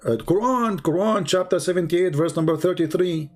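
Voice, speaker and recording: A man's voice: high voice, normal speed. A man in an online debate, mocking and persistent, repeating his questions.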